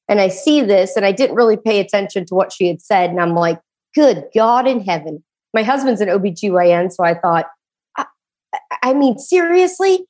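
A woman's voice: medium pitch, darkish tone. A woman co-hosting a podcast, telling a story in casual chat, acting out quoted voices. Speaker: podcast co-host.

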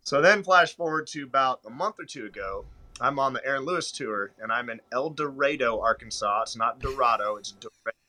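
A man's voice: medium pitch, fairly quick, low-quality recording. A man, a touring country musician, telling a rambling road story in a casual interview. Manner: animated, rambling anecdote-telling with fillers.

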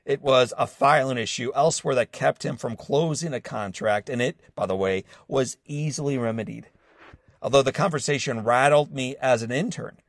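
A man's voice: mid-range voice, no echo, clean studio sound. A man in his forties hosting an inspirational podcast, telling a personal story in an earnest tone and speaking straight to his listeners. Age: 40s. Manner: earnest storytelling, warm direct address to listeners. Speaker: host of a motivational podcast. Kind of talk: scripted inspirational monologue.

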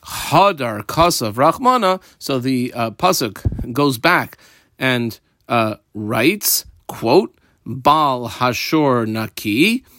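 A man's voice: medium pitch, animated, takes it slowly, fairly bright tone, dry recording, studio quality. A man teaching a page of Talmud, reading Aramaic phrases and explaining them in casual English while marking up his page.

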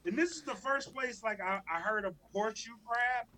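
A man, probably in his thirties, co-hosting a podcast, telling stories in casual, profane, animated chat. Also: sits high, normal speed, slight background noise, poor audio. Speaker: podcast co-host.

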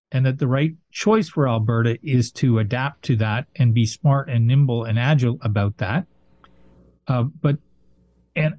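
A man giving casual political commentary as an analyst, speaking in a measured, thoughtful way with frequent fillers. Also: medium pitch, a little mellow, dry recording.

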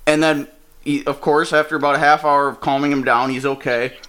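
A stand-up comedian from Wisconsin tells a story casually, swearing and laughing mid-story in an animated, profane way. His voice is a little high, brisk, clear and resonant.

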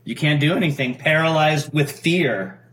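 A man's voice: on the high side, moderate pace, fairly bright tone. A man, an actor being interviewed, talking casually with frequent laughs and rambling restarts. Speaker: guest actor.

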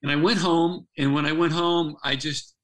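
A man's voice: a little high, steady tone, moderate pace, a bit bright, poor audio. An older man, a former athlete turned speaker, earnestly telling a personal story as a podcast guest, restarting his phrases as he goes.

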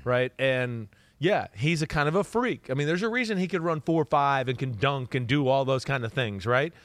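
A man with a mid-range voice talks at normal speed in a recording with no echo. As a podcast co-host and football analyst on a casual talk show, he tells animated stories, quotes players in his own voice, and sprinkles in lots of "right?" asides.

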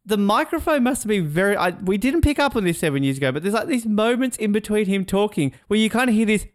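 Lively man, podcast chatter. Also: high-pitched, fast talker, no echo, studio quality. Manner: animated, swearing, laughing, mimicking speakers. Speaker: podcast co-host. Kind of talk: casual podcast chat.

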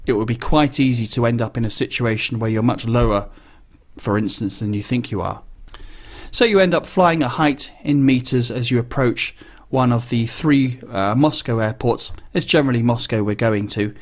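A man who flies business jets, talking casually and explaining things in a wry, conversational way, with frequent pauses to think. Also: medium pitch. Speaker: business jet pilot.

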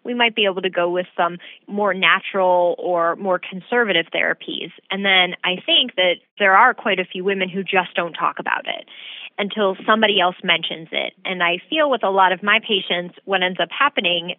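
A woman's voice: on the low side, dry recording. Woman doctor on a tinny line. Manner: explanatory, measured. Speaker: physician. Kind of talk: interview answers. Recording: tinny phone-like dry sound.

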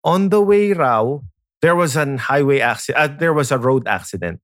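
Filipino man, casual animated storyteller, mid-pitched voice, dry close sound. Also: moderate pace, no room sound. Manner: animated, code-switching, frequent filler tags.

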